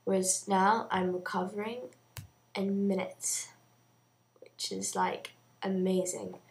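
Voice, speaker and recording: A young woman talks unhurriedly to her camera in a relaxed video diary. Her delivery is slow and rambling, with frequent "um"s as she gathers her thoughts, at a mid-range pitch for a woman. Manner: chatty and rambling, full of "um"s. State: out of breath. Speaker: vlogger.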